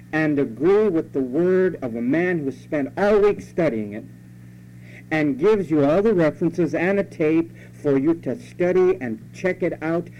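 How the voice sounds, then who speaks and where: A man's voice: fairly high pitch, mellow. A male pastor preaching a sermon emphatically, repeating key phrases and asking the congregation rhetorical questions. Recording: dull lo-fi sermon recording with faint hum.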